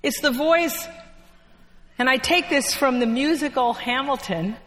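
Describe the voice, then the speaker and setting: A woman preacher giving a sermon in a church, telling the story in an unhurried way with dramatic pauses. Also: high voice, fairly bright tone. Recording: long echo of a church hall.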